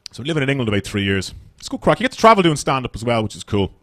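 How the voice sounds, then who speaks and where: An Irish man in his thirties races through a stand-up set on a club stage in a mid-range voice. He's chatty and swears as he tells animated stories.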